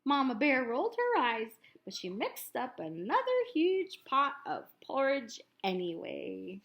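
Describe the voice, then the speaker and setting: A woman reading a picture book aloud to children as a teacher, animated and full of chatty asides to her listeners. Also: sits high, measured pace, creaky, hardly any pauses.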